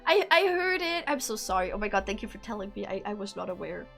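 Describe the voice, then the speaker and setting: A woman streamer chats casually with her viewers over soft background music, giggly and self-deprecating. Her mid-range voice is sing-song, gravelly, and fairly bright, and she talks fast.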